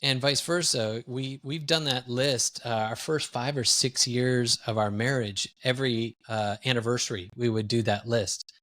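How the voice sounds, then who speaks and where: Man, podcast guest, mid-pitch, lively candid storyteller. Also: moderate pace, hardly any pauses. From Wisconsin, US. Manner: animated, candid, self-deprecating storyteller. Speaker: guest, executive coach.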